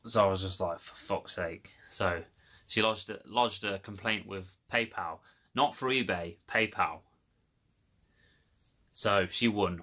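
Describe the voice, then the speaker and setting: A man's voice: lowish voice, bright, forceful tone. Exasperated man ranting. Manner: swearing, exasperated storytelling. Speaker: video creator. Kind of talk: casual rant to camera.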